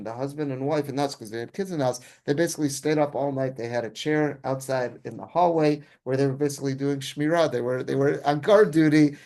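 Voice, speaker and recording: Rabbi teaching a text. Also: male voice, a little high, a little mellow. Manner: translates Hebrew phrase by phrase, casual asides. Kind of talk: Torah class on a source sheet.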